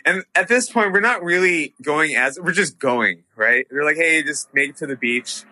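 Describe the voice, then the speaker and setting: A man telling a story in casual chat, animated and profane, with many fillers. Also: fairly high pitch, normal speed, dry recording.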